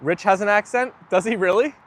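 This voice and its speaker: A young man with a voice a little higher than most men's hosts a relaxed livestream. He talks in an easy, chatty way, reads out viewer comments and agrees with them warmly. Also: brisk. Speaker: livestream host. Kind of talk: casual chat reading viewer comments.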